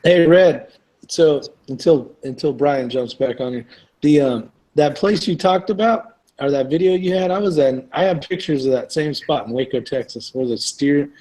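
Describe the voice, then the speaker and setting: A man's voice: a little high, normal speed, darkish tone, low-quality recording. A man hosting an online live chat, talking casually, rambling a little and laughing often.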